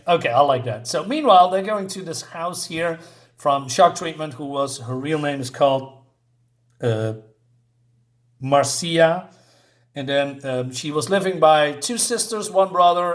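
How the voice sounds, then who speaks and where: A man casually reviewing a comic book, retelling the panels in a halting way with many fillers, restarts and chuckling asides. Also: on the high side.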